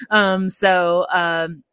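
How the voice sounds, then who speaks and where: A woman's voice: medium pitch, smooth, no echo. A woman, a podcast guest, telling a personal story in casual talk, laughing often and acting out what people said. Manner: laughs often, quotes people in lively voices.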